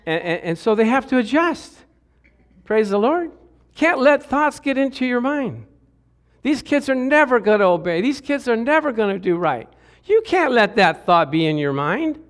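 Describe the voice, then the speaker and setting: A middle-aged male pastor preaching a lively sermon, acting out quotes in different voices and laughing along the way. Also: very high-pitched, moderate pace.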